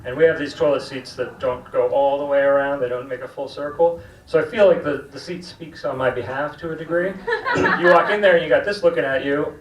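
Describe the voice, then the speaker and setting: A man's voice: medium pitch, brisk, muffled recording. A man doing a stand-up set, with wry humor and quoted voices. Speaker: stand-up comedian. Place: comedy club stage. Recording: distant, roomy club recording with faint noise.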